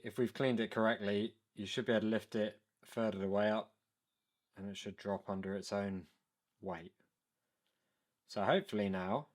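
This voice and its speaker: A man's voice: fairly low pitch, darkish tone. Man talking through a workshop job. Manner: explains step by step while working, with frequent ums. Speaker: DIY boat engine tutorial maker. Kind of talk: hands-on workshop how-to narration.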